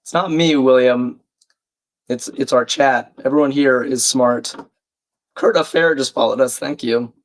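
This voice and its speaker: Man, croaky, under the weather, chatty stream host reading out chat, mid-pitched. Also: unhurried. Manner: chatty, reads chat aloud, self-deprecating. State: croaky, a bit sick. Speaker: livestream crossword host. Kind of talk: casual live-stream chat.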